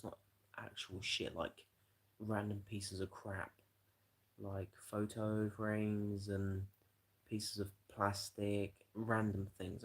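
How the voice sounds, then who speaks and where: A man's voice: fairly low pitch, slightly rough. A man, livestreaming and telling a rambling, profane story to his chat in a casual way.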